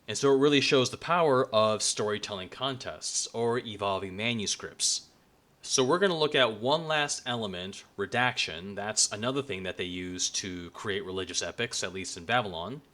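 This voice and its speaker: A man's voice: fairly low pitch, expressive, normal speed, pushed and bright. A man giving a casual explanatory lecture in a conversational way, with restarts along the way. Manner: conversational, restarts, acts out quoted lines. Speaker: religious studies video presenter.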